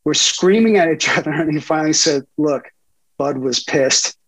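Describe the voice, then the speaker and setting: A middle-aged man, a sports reporter being interviewed, telling animated stories with frequent laughs and fillers. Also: on the high side, moderate pace, no echo, low-quality recording. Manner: animated storyteller, laughs often, many fillers. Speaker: investigative sports reporter, guest. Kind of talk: casual interview storytelling.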